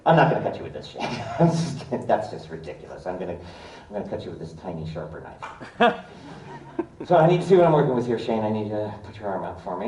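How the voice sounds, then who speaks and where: A man's voice: fairly low pitch, sing-song, fast, darkish tone, distant mic. A man performing a live comedic stage demonstration, ad-libbing and joking with the crowd. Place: indoor theater stage. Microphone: audience camera from afar. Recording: echoey theater recorded from the audience.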